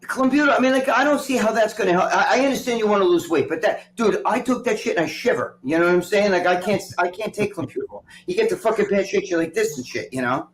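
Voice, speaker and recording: An excitable man rambles and swears his way through casual live-stream chat from home. His voice is high and his words come fast, with a faint hum underneath. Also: rough recording. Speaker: co-host, former bodybuilder.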